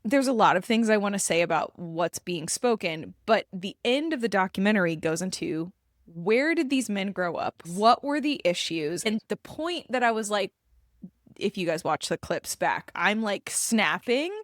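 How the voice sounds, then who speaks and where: An expressive woman co-hosting a podcast, her pitch swinging widely as she alternates quick bursts with slow, pointed phrases. The sound is close and dry, with no room around it. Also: no echo. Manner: animated, emphatic, shifts between quick bursts and slow deliberate phrasing. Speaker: podcast co-host and embodiment coach. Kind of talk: casual podcast chat.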